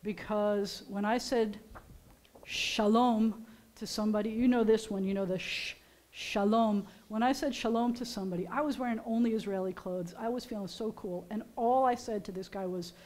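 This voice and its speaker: An older American woman, a rabbi, giving a casual, teacherly sermon with gentle jokes to her congregation in a synagogue. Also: medium pitch, a little fast, hardly any pauses. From United States. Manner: chatty, teacherly, gently joking. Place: synagogue sanctuary during a service.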